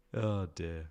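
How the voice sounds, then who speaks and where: A young man hosting a live football watch-along, excitable and swearing, shouting at the players. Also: low voice. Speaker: live stream host.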